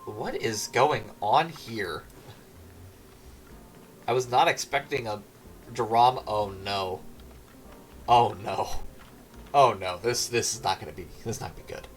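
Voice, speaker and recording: A man's voice: fairly low pitch, measured pace, pauses often, slight background noise. A man streaming a game and chatting with wry, casual reactions.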